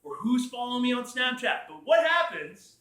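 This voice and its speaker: A young man giving a casual Bible talk to a college group, animated, acting out quotes and asking the room questions. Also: very high-pitched, normal speed. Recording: echoey room.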